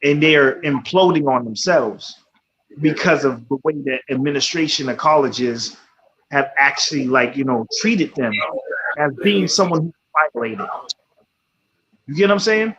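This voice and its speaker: A man talks on a radio show in a fairly high voice, blunt and profane, constantly asking his listener if they follow. The sound is a little dull and muffled. A faint hum of noise sits underneath. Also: unhurried, a bit bright. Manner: blunt and profane, peppered with "you know what I'm saying". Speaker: radio talk show host. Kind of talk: casual radio talk.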